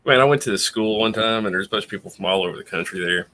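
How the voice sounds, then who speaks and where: A man's voice: on the low side, very fast, pushed and bright, a little hiss or hum. A man chatting casually on a late-night stream, telling anecdotes with plenty of swearing. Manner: profane, anecdotal.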